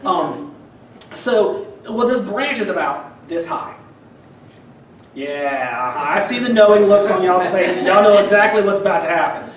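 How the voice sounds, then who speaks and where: Wry high-voiced man telling stories on stage. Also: measured pace, a crowd in the background. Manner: wry, self-deprecating, many fillers and restarts. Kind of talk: stand-up storytelling. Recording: roomy sound from a distance.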